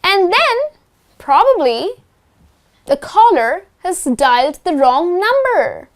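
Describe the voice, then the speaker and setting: A woman's voice: very high-pitched, very animated, slow. A woman teaching phrases in an online lesson, speaking. She explains patiently and often checks in with "okay?". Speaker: English teacher.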